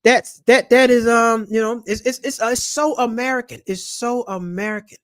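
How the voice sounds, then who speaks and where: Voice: medium pitch, fairly even intonation, moderate pace, no echo, studio quality. A personal finance vlogger talking casually to camera, loose and slangy, rambling with restarts and blunt asides. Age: young adult or older. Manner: rambling, with many restarts and acted quotes.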